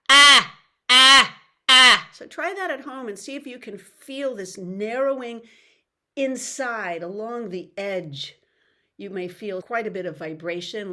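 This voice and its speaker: A middle-aged woman voice coach giving an upbeat, explanatory online workshop lecture over a video call. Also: mid-range voice. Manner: upbeat, explanatory, breaks into sung demonstrations.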